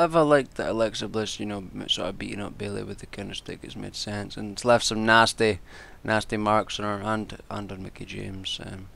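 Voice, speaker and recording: A man with a gravelly, creaky voice rants in a loose, unscripted way. He sounds exasperated and swears freely, restarting his sentences as he goes. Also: on the low side, fairly bright tone. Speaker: wrestling commentator and vlogger. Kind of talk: casual ranting predictions.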